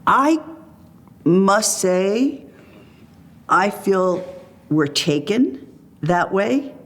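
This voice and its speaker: A woman's voice: mid-range voice, very animated, extremely slow. A woman guest telling reflective personal stories in a free-flowing way, acting out remembered conversations. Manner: free-flowing, tells stories through quoted dialogue.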